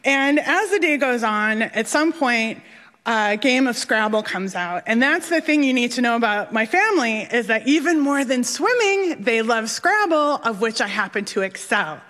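A woman with a slightly high voice spins a personal story to a live room, animated and laughing at her own mishaps. Her voice trails off into the long reverb of a big hall. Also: moderate pace. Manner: animated, self-mocking, laughing through lines.

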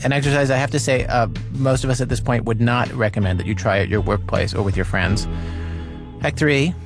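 A man hosting a radio show, narrating a scripted introduction in a wry, measured way. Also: mid-range voice. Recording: music bed underneath.

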